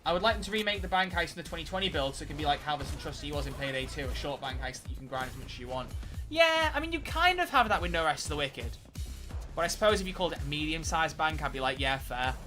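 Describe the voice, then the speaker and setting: Bright-voiced man streaming a game. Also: fairly high pitch, expressive, fast, faint music behind. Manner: rambling, chatty, self-mocking. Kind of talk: live gameplay commentary.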